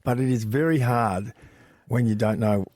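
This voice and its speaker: A man with an Australian accent and a deep, slightly gravelly voice, a radio host talking softly in casual banter. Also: moderate pace, dry recording, clean studio sound. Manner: soft-spoken, self-deprecating. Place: radio studio.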